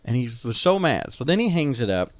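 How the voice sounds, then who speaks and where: Animated storytelling man, lively pitch. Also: fairly quick, no echo. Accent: Southern Illinois. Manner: animated storyteller, acts out quoted family voices. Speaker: podcast co-host. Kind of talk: casual storytelling chat.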